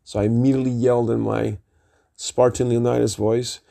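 Middle-aged man, gravelly, dark-toned voice, rambling vlog storytelling, emphatic, swears a lot. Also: mid-range voice, flat delivery, a little fast. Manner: emphatic, swears freely, digressive. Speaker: vlogger.

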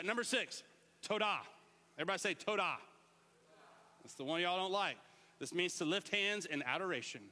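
A middle-aged man preaching a lively sermon, sometimes shouting out words to show what they mean. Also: high-pitched, long reverb tail. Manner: animated, shouts out words to demonstrate. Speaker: pastor.

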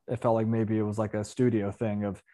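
A man's voice: fairly low pitch, level tone, brisk, mellow. A man hosting a casual movie review chat, talking in a rambling way with many fillers and self-corrections. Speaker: podcast host.

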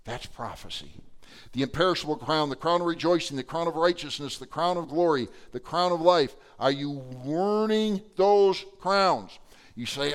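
A middle-aged male pastor preaching a sermon, animated, acting out quotes with sudden swings between loud and soft. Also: fairly high pitch, normal speed.

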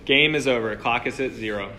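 A man's voice: medium pitch, fairly quick, sharp tone, a little hiss or hum. A young man giving a conversational sermon to a room of listeners, full of "like" and restarts. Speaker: preacher. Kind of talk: casual sermon. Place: room with a live audience.

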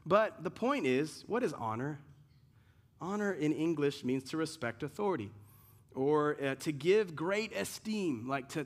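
A man pastor preaching a sermon in an earnest way, full of rhetorical questions and repeated restarts. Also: sits high.

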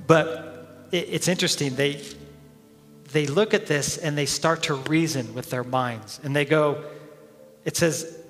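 A man's voice: a little high, unhurried, pauses often, a bit bright, in a large hall, soft background music. A man preaching a sermon as head pastor, telling the story with energy, acting out the crowd's voices and often chuckling.

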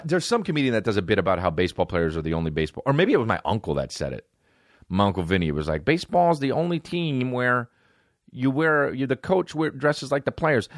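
Podcast host, male, forties: rambling profane storyteller, very lively pitch, dry close mic. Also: no room sound. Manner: rambling, profane, jumps between tangents. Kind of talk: solo comedic podcast rant.

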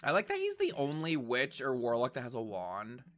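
A man's voice: mid-range voice, huge pitch swings, moderate pace, a bit bright. A man giving chatty, wisecracking commentary while watching a show and talking back at the screen. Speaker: reaction commentator. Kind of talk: casual commentary over a show.

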